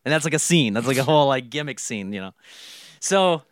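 A young man in casual chat, rambling through a movie pitch and acting out the lines of its characters. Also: animated, fairly quick, dry recording, clean studio sound. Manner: rambling storyteller, acts out quotes. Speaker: podcast co-host pitching a movie idea.

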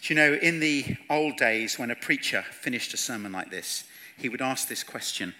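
A man preaching an evangelistic sermon, earnest and pleading, swinging from hushed words to loud ones. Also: medium pitch, animated, normal speed, a little hiss or hum. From England. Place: church hall with audience.

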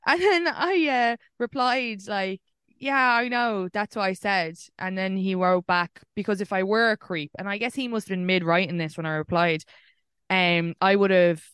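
A woman's voice: mid-range voice, moderate pace, smooth, dry recording, studio quality. Swearing Irish woman telling dating stories. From Ireland. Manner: swearing storyteller, animated retelling. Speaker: podcast host. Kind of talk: casual chat over video call. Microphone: video call.

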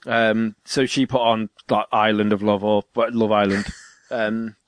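In a dry recording, a man with a fairly low, clean voice chats casually at a measured pace. He tells a home-repair story, swearing freely and acting out what people said in animated voices.

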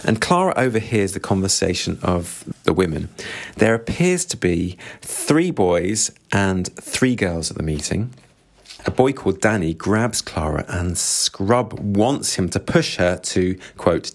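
A man discussing a novel chapter by chapter, reflective and musing aloud, reading quotes. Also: low-pitched. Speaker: book reviewer.

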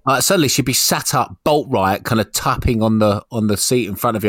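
A man in his thirties chatting casually as a podcast co-host, relaxed and swearing freely as he tells stories. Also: on the low side, fast talker, dry recording, studio quality. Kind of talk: casual chat.

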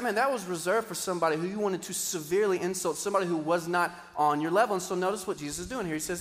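A man preaches from the stage of a church auditorium, his voice carrying a long hall reverb. He is animated and keeps swinging from loud, emphatic bursts down to quiet asides. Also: sits high, very fast, hardly any pauses. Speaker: pastor. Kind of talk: sermon.

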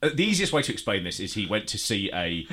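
A man's voice: fairly low pitch, big pitch swings, fast talker, a loud crowd. A man hosting a podcast, telling a funny story in casual chat with a lot of laughter. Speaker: podcast host.

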